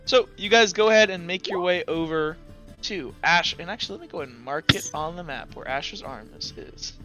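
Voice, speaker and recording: A man's voice: fairly high pitch, normal speed, over music. A man narrating as game master of a tabletop game, rambling with many fillers.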